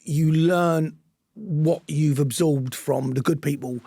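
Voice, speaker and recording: Gravelly husky middle-aged man. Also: fairly high pitch, steady tone, slow pace, mellow, no echo, studio quality. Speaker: actor and director, guest. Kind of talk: casual chat.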